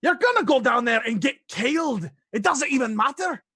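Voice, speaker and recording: A bitter, scolding dwarf wife, as a man puts her on in a tabletop game, with a rough Scottish lilt. The voice sits high and swings widely as she snaps at the party. The sound is close and dry. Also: lively intonation, moderate pace, bright, forceful tone, no room sound, exaggerated voice. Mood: scornful. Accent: put-on Scottish. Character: furious grieving dwarf wife, older woman.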